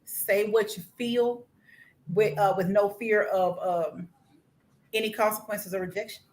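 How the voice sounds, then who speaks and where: A woman's voice: medium pitch, steady tone, measured pace, low-quality recording. A woman from Mississippi, chatting easily as a podcast guest, using many fillers. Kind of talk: casual chat.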